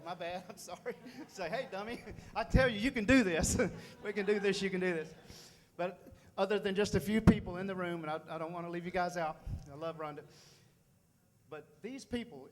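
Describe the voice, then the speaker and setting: A man's voice: high voice, brisk, a little hiss or hum. A man giving a folksy, fired-up motivational speech to a room at a sales meeting, repeating phrases for emphasis. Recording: long hall reverb.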